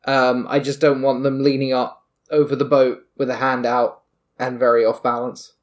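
A man playing in a tabletop game, measured, explaining his actions plainly. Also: medium pitch, level tone. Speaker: player.

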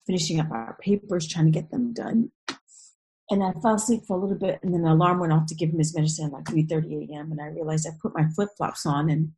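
A woman with a low-pitched, husky, slightly breathy and somewhat mellow voice tells a personal story earnestly. Her telling is emotional and vivid, with many restarts and re-enacted moments, on a rough recording.

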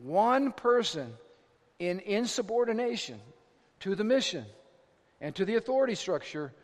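A male pastor preaching an animated, dramatic sermon with self-mocking humor. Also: high-pitched, moderate pace, long reverb tail.

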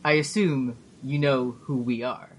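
A man's voice: medium pitch, fairly even intonation, measured pace, a little hiss or hum. A man narrating a tabletop game as game master, laid-back and joking. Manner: laid-back, swearing, laughs at himself.

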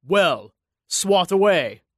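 A man voicing a menacing male Cyclops giant who taunts in a rasping, drawn-out way. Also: high voice, very animated, dry recording, studio quality, full character voice. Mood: taunting.

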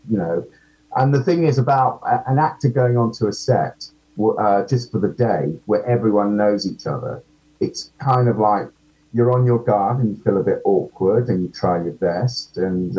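A man's voice: lowish voice, mellow, highs cut off. A man, an actor guest, chatting casually in an interview, self-deprecating and full of ums.

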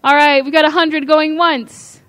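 High-voiced woman calling an auction. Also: little pitch movement, fairly bright tone, muffled recording. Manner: brisk, repeats bids, coaxing. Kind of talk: live charity auction calling.

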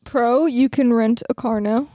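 A woman's voice: on the high side, steady tone, a little slow, dark tone, no echo, clean studio sound. A woman in her twenties co-hosting a podcast, chatting in casual, giggly, joking banter. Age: 20s. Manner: giggly, jokey. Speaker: podcast co-host.

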